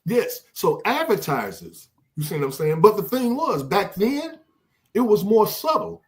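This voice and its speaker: Older male podcast host, slightly high voice, lively and animated, casual talk with frequent restarts. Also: unhurried. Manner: animated, repeats words when searching for a thought.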